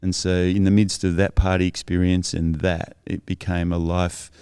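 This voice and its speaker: A man's voice: low-pitched, little pitch movement, moderate pace, dark tone, clear, resonant tone, no echo, studio quality. A man as a podcast guest, earnestly telling his life story in a thoughtful, reflective way that is often self-correcting.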